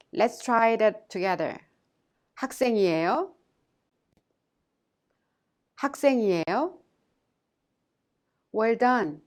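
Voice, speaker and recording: A woman language teacher giving a scripted lesson, speaking clearly and carefully and saying words twice for learners to repeat. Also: fairly high pitch, darkish tone.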